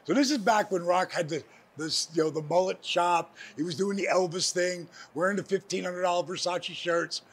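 An older man, a former wrestler, telling stories as a guest in a casual interview, animated and swearing now and then. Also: high-pitched, normal speed, few pauses, breathy edge. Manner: animated, swears, slips into impressions.

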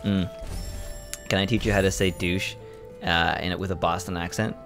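A young man playing a game on a let's play, loud and excitable, joking and yelping as he plays. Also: deep voice, moderate pace, music in the background. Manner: loud, excitable, yelps and jokes while playing. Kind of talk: casual gameplay chat.

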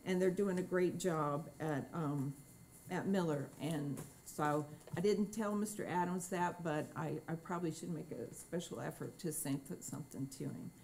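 A woman's voice: deep voice, normal speed, creaky, few pauses, a little mellow, a little hiss or hum, rough recording. A woman chairing a school board meeting, telling a chatty, anecdotal story with fillers. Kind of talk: formal meeting remarks. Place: meeting room.

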